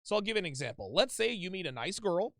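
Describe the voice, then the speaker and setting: Blunt, profane host with a high gravelly voice. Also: male voice, very animated, fast, fairly bright tone, no room sound, studio quality. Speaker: host taking calls. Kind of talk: call-in advice show.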